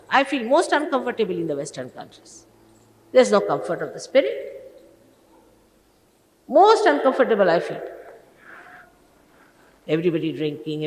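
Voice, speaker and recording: A spiritual teacher in her sixties, lowish-voiced, scolds her gathered followers sternly, firing off exasperated rhetorical questions. This archival talk was recorded roughly in a large hall.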